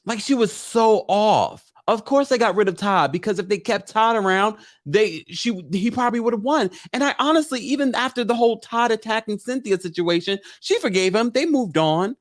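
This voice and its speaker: A man's voice: high-pitched, moderate pace, few pauses. A man hosting a casual livestream recap, chatting animatedly and reading viewer comments aloud into a webcam mic. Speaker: live-stream recap host.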